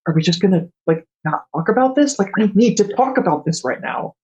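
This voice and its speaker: A man's voice: sits high, lively intonation, fairly quick, a little mellow, dull audio, voice pushed up. A man voicing an anxious young woman survivor who insists on talking right away. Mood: urgent. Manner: urgent, insistent.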